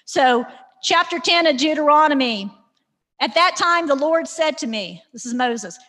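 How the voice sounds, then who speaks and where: A woman teaching a Bible lesson with lively, sarcastic humor, acting out the characters as she goes. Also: sits high, measured pace. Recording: reverberant hall.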